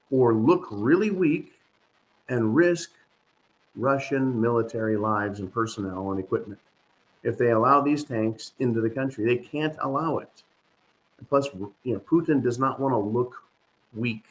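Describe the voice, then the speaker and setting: A man hosting a commentary channel, talking in an animated, sarcastic monologue to his viewers. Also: mid-range voice, poor audio. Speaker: host. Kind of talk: opinionated monologue.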